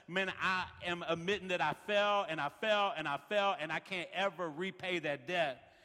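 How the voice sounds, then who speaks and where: A man's voice: high voice, pushed and bright, big-room sound. A man preaching a sermon as pastor, peppering his lines with "man" and building rhythmic refrains. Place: large worship center.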